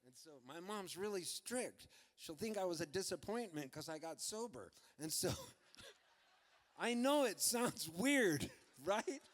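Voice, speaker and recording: A man's voice: sits high, big pitch swings, long reverb tail. Laughing man telling stories on stage. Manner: loose, laughing storyteller doing quick character voices. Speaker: folk singer-songwriter telling a story on stage. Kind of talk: storytelling between songs at a live concert. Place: outdoor festival stage.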